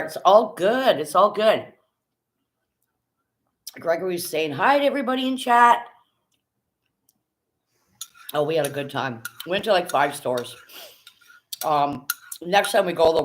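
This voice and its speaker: Chatty woman live streaming. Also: low-pitched. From Canada. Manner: chatty, greets viewers by name, casual swearing. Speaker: livestream host. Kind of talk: casual live stream chat.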